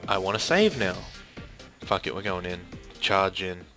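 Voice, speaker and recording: A man's voice: sits low, animated, bright, forceful tone, faint music behind. A young man giving casual, joking commentary while playing a horror game, swearing now and then. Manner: joking, swearing, slow-paced. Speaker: let's play gamer.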